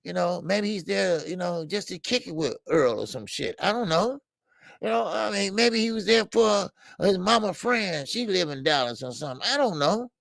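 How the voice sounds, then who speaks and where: Gravelly older man with a loose, profane style. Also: high voice, lively intonation, moderate pace, a bit bright, no room sound. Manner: loose and profane, lots of stammered fillers, laughs at own jokes. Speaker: boxing show host. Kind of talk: casual call-in show commentary.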